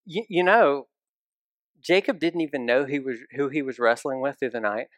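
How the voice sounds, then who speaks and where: A man's voice: medium pitch, moderate pace, a bit bright, dry recording. A man preaching a sermon as pastor, talking conversationally and putting direct questions to his listeners.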